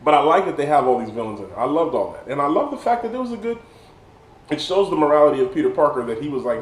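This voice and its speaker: A man talking casually about a film after a few drinks, his voice sitting a touch high for a man. He rambles with excitement and trips over his words, restarting sentences. The sound carries the echo of a bare room. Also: fast talker. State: tipsy. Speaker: movie reviewer. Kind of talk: casual drunk film review monologue.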